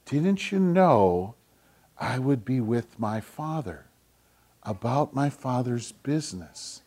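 A man doing a calm, gentle young son. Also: medium pitch, takes it slowly.

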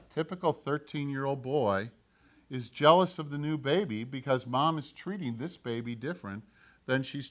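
A male pastor preaching a sermon, animated, acting out the voices he quotes. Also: fairly high pitch.

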